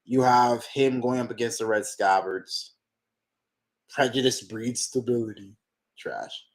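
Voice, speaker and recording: A man hosting a manga reaction channel, talking to himself while he reads, excitable and profane in casual reaction commentary. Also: mid-range voice, a little slow.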